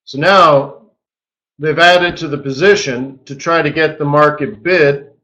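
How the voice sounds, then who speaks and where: A man hosting a live trading webinar, walking through charts in an animated, joking way with lots of rhetorical questions. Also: fairly high pitch, unhurried, muffled recording. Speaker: forex market strategist hosting a daily webinar.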